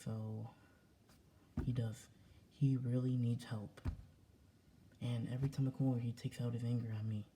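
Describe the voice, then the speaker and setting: A man's voice: mid-range voice, level tone, moderate pace, long pauses, dark tone, a little hiss or hum. A young man ranting casually to his camera at home, repeating himself and swearing as he talks. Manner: repetitive, agitated, swearing. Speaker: vlogger. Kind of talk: casual vlog rant. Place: home indoors.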